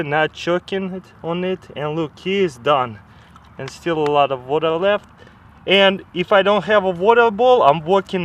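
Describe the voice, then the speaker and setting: High-voiced man eagerly showing hacks. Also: a bit bright, slight background noise, low-quality recording. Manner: enthusiastic, loose non-native grammar; chats to his dog while filming. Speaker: vlogger demonstrating life hacks. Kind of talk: casual how-to demonstration.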